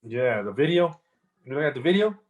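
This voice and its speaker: A man's voice: medium pitch, sing-song, brisk, lo-fi sound. A man guest on a podcast, telling a story loosely with lots of slang and fillers. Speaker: rapper guest. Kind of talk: casual interview storytelling.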